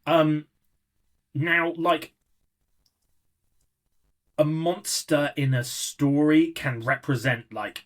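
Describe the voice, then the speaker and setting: A man co-hosting a podcast, thinking aloud in relaxed casual chat. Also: medium pitch. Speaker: podcast co-host.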